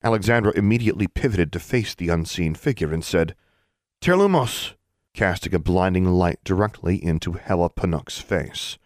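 A man reading a fantasy novel aloud in steady, even scripted narration. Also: deep voice, no room sound, clean studio sound. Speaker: audiobook narrator.

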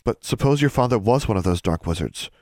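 Man reading a calm, earnest schoolgirl. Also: fairly low pitch, brisk, no room sound, studio quality, voice pushed up, lightly acted. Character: thoughtful, earnest teenage girl friend.

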